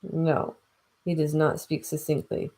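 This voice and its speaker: A woman's voice: low voice, flat delivery, a little slow, mellow. A woman reading a classic novel aloud and breaking off for casual, chatty asides, stumbling over old words and laughing at herself. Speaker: audiobook reader.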